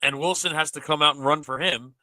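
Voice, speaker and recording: A man's voice: fairly high pitch, fairly even intonation, a little fast, bright, forceful tone, no room sound, poor audio. A man hosting a casual sports podcast, ranting animatedly with exasperation. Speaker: podcast host.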